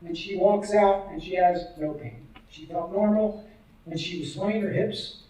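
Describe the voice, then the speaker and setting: A doctor with a notably high-pitched male voice addresses a live audience in a large hall, his tone slightly rough and his pace measured. He tells patient stories in a lively, anecdotal way, building them with energy and putting questions to the room.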